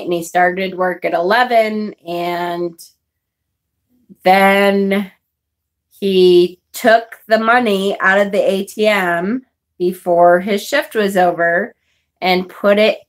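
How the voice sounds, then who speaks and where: Female vlogger, unhurried chatty storyteller, frank and profane. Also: mid-range voice, fairly even intonation. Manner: chatty, swearing, laughing often. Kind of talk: casual personal storytelling.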